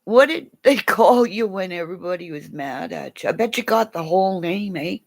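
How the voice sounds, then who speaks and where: Woman livestreamer, rambling chat, swooping up and down in pitch, soft whispered asides. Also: lively intonation, normal speed. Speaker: livestream host.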